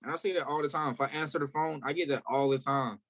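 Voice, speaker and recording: A man from South Carolina, a guest musician in a casual interview, telling stories in a candid, animated way. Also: a little high, fast.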